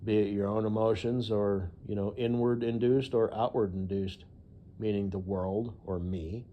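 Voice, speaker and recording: A man's voice: on the low side, fairly even intonation, moderate pace, muffled recording, slight background noise. A man vlogging in a casual, rambling monologue, profane and full of "you know" fillers.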